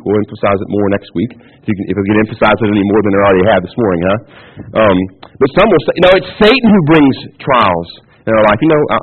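Male pastor, sermon, emphatic, repeats points, husky voice, tinny phone-like radio sound. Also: mid-range voice. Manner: emphatic, repeats key phrases, rhetorical questions.

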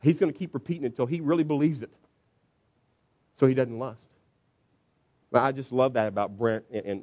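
Conversational middle-aged male preacher. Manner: conversational storytelling preacher, frequent "all right?" asides; acts out quotes with sudden high excited pitch. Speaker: pastor. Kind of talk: sermon.

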